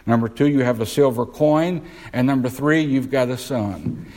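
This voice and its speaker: Man preaching a slow, questioning sermon. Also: mid-range voice, darkish tone, rough recording. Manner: asks the congregation questions, slows down to stress words.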